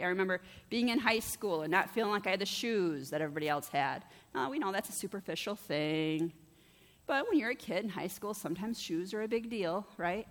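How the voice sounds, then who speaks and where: A woman's voice: mid-range voice, a bit bright. A woman pastor giving a conversational sermon, often asking her listeners "right?" as she speaks. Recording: long reverb of a church hall.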